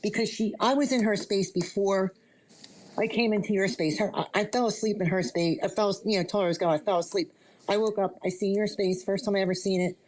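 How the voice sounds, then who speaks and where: A woman's voice: medium pitch, fairly even intonation, a little fast, darkish tone, slight background noise, low-quality recording. A woman calling into an online chat, insistently recounting what she witnessed. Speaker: caller. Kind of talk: casual chat.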